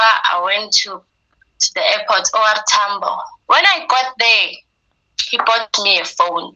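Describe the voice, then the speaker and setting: A woman's voice: mid-range voice, poor audio. A woman telling a personal story, acting out the things people said to her. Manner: quotes herself and others in a lively retelling.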